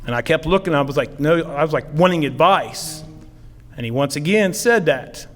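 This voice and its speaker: A man's voice: a little high, lively intonation, moderate pace, a bit bright. A middle-aged man from southeastern Ohio, a football coach giving an acceptance speech, telling stories in a rambling, heartfelt way with many fillers. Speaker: football coach, hall of fame inductee. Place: ceremony hall. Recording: long hall reverb.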